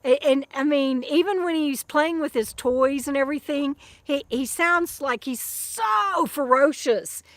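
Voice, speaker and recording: A woman's voice: high-pitched, expressive, unhurried, hardly any pauses, fairly bright tone, dry recording. Chatty middle-aged woman on a livestream. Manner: rambling and chatty, with many restarts and fond asides to her dog. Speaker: vlogger and author living in a van. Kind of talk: casual livestream chat reading viewer comments.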